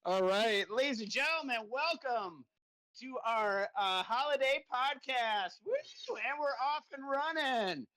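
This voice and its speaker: A man's voice: extremely high pitch, animated, a little slow, bright, forceful tone, no echo. A middle-aged man hosts a live podcast from his bike trainer, out of breath as he pedals. He talks in an upbeat, chatty way, laughing and stumbling over his words. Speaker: podcast host. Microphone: desk mic on a stand.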